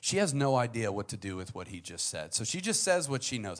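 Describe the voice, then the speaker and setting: Very animated, a young man delivers a conversational sermon at a quick pace with few pauses, playing the characters in his story. He veers from quiet, low-voiced asides to loud, high-pitched bursts.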